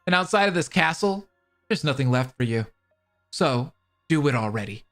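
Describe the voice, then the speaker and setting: A cold, scheming villain taunts his victims in a fan voice drama, voiced by a man. He speaks low and unhurried, with plain contempt. Faint music sits underneath. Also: animated, fairly bright tone. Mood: taunting. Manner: taunting, contemptuous, slow and menacing. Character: cold scheming male mastermind of despair.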